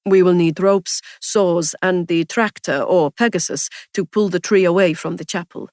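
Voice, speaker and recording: A woman's voice: lowish voice, fairly even intonation, normal speed, a little mellow, no echo, studio quality, close to an everyday voice. A woman reading a story, voicing a polite, wistful young man who speaks formally without contractions. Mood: practical.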